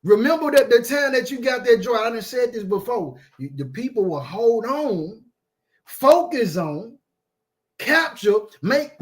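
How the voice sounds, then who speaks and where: A man's voice: extremely high pitch, a bit bright. A man preaching an informal sermon, emphatic and repetitive, with streetwise phrasing and frequent asides of "man".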